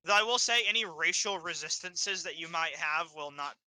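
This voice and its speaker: Bright, dry-voiced man narrating a tabletop game. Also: on the high side, normal speed, dry recording. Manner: laughs often, loose asides between narration. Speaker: game master.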